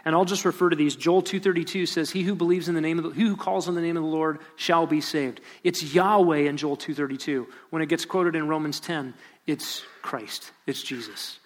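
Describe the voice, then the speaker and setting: A man preaching a sermon, reading scripture aloud and acting out sarcastic quotes with animated emphasis. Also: fairly high pitch, fairly quick. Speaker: pastor.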